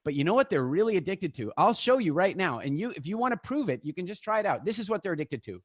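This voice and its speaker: Man, guest speaker, animated and playful, talks straight to the crowd, dry close sound, video call. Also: high-pitched, fast talker, no room sound. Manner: animated, acts out scenes, addresses the audience directly. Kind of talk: live online talk to an audience.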